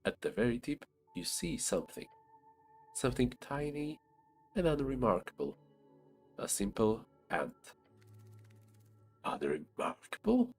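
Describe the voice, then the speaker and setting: A man's voice: medium pitch, sing-song, unhurried, pauses often, slightly rough, soft background music. A man streaming a game, reading its narration and making casual asides.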